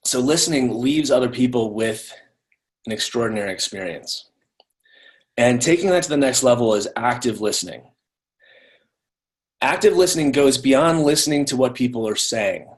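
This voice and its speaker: A man's voice: medium pitch, expressive, moderate pace, pauses often. A man giving a live online training talk in a conversational way, often repeating words as he restarts.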